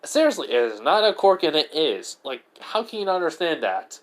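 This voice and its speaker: A man voicing a cheeky, sarcastic eighteen-year-old boy turned ice spirit, in a loud voice pitched above his own. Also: very animated, brisk. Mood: exasperated. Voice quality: loud, higher than his narrating voice. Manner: brash, mocking.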